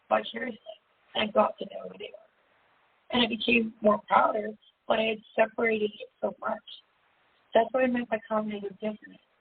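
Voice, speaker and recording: A woman in a candid, chatty personal monologue, laughing often and leaping up into high tones as she makes her points. Her voice sits at a middle pitch for a woman. The sound is thin and phone-like, with a faint hiss underneath. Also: gravelly. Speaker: self-help seminar host.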